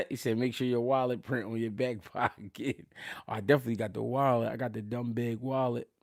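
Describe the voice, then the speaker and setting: Brief: Philly-male host, gravelly low-key voice, slangy live-stream banter, dry close mic. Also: steady tone, a little fast, no room sound. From Philadelphia. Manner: slangy, laughing, swings from loud to mumbled. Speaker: boxing channel host. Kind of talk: casual live-stream chat.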